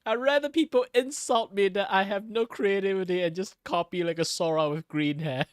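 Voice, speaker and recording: A young man with a Malaysian English accent leaning slightly British, chatting casually while drawing on stream. He is tired after long hours, laughs often and jumps into loud, high exclamations. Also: normal speed, hardly any pauses, clean tone, no echo, studio quality. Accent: Malaysian English with a slight British lean. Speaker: art streamer.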